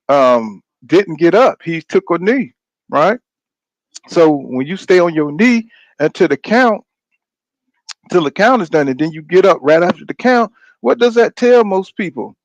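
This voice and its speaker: On a boxing podcast he hosts, a man with a high-sitting voice talks in a loose, rambling way, getting heated and swearing plenty while constantly saying "you know what I'm saying". The recording is dull, dry, and lo-fi with no room sound.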